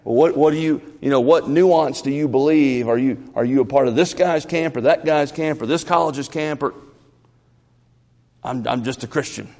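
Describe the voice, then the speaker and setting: A man preaching a sermon in a church, lively, often repeating and stumbling over his first words. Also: medium pitch, moderate pace. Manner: animated, repeats words, stammers at starts. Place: church sanctuary. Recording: reverberant church hall.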